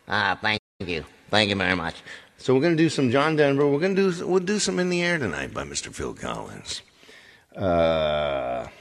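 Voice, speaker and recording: Gravelly joking man hosting a live stream. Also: sits low, a bit bright, in a large hall. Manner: joking, rambling, playful. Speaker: live stream singer host. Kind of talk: casual live-stream chat.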